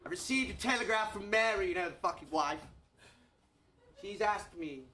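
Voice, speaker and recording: A man's voice: high-pitched, lively intonation, moderate pace, pushed and bright. A man playing a hungover, foul-mouthed posh older king in a comedic audio play, with a plummy, blustering way of talking.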